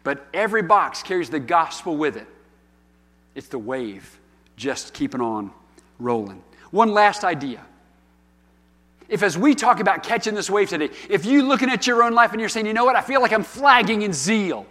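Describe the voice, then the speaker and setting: A man's voice: high voice, animated, moderate pace, a bit bright. A man in his fifties, a pastor preaching a sermon in a storytelling, conversational style that rises into emphatic calls. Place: church hall. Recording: long hall reverb.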